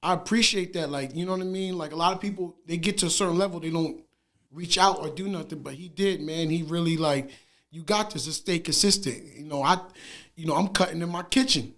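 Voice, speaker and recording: A man's voice: fairly high pitch, quick pace, a bit bright. A man guesting on a podcast, talking casually and animatedly about his work as a barber, laughing often and using slang fillers. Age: adult with wife and two sons. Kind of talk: casual interview chat.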